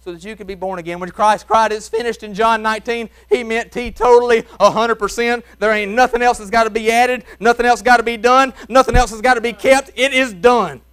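A man with a Mississippi accent preaching a sermon in folksy Southern speech, shouting some phrases and dropping to a hush on others. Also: very high-pitched, fairly even intonation, brisk, hardly any pauses, clean tone. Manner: swings from shouting to hushed, soft tones; folksy Southern grammar, chuckles while preaching. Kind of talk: revival sermon. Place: church.

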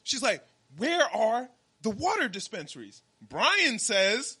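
A man's voice: high voice, huge pitch swings, slow, pushed and bright, breathy edge. A young man, a podcast co-host, telling a story in casual chat and acting out the dialogue with animation.

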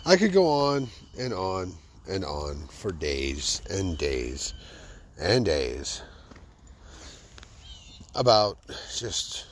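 A man's voice: low voice, very animated, very slow, pauses often, slight background noise. A man in a casual comedic monologue, hosting his own show, sarcastic and laughing at his own stories. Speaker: podcast host.

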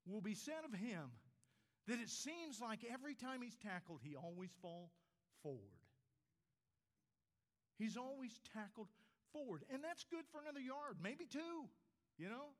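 A man in his sixties preaching a sermon in a church, rising to emphatic points and dropping low and quiet on key words. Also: very animated, a little slow, long pauses. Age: 60s.

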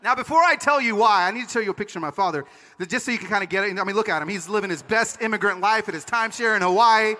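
High bright animated male speaker on stage. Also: racing. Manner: animated, comic, acts out voices. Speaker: conference speaker. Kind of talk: storytelling conference talk. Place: conference stage. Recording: large hall reverb.

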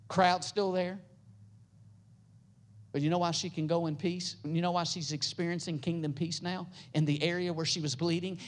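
In this sermon, the pastor swells into loud, high stretches, then falls back to quiet lines delivered softly and low.

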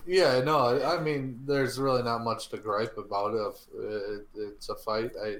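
A man's voice: fairly low pitch, level tone, unhurried, a bit bright, reverberant, rough recording. A man chatting casually, hesitant and noncommittal, often restarting his sentences. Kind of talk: casual chat.

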